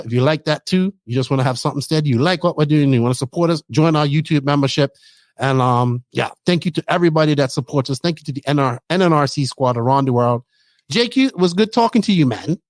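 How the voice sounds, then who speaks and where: A man's voice: on the high side, animated, fast, dry recording. A man hosting a podcast, chatting casually and teasing his co-host. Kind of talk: casual chat.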